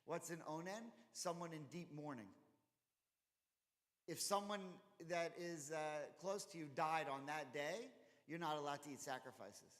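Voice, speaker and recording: Animated man teaching in a reverberant hall. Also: fairly high pitch, unhurried. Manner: conversational, animated, acts out quoted dialogue. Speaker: rabbi teaching Torah study. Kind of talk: informal Torah study class. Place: temple chapel.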